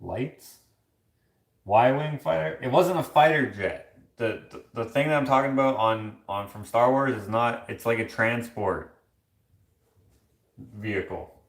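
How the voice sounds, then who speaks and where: A man's voice: medium pitch, measured pace, pauses often. A man hosting a casual stream from his kitchen, chatting and telling rambling stories with lots of fillers. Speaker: livestream host reading chat. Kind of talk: casual chat. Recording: echoey room.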